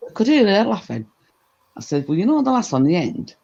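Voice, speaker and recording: A woman telling a gossipy anecdote in a casual chat, animated and full of asides. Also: mid-range voice, a little fast. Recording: dull lo-fi recording.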